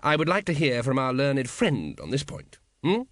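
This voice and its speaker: A man's voice: mid-range voice, huge pitch swings, moderate pace, fairly bright tone, no room sound, clean studio sound. A man voicing a cold, brusque city ruler who speaks in clipped, firm tones.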